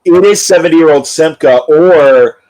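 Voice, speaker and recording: A man's voice: fairly high pitch, a little slow, crowd noise, rough recording. A man hosting a casual review chat, talking conversationally and reading out listener comments. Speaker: podcast host.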